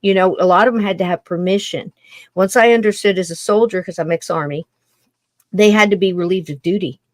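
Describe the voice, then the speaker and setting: A woman's voice: fairly low pitch, fairly quick, no room sound. A woman hosting a podcast in casual conversation, chatty and rambling, often tripping over her words. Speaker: podcast host.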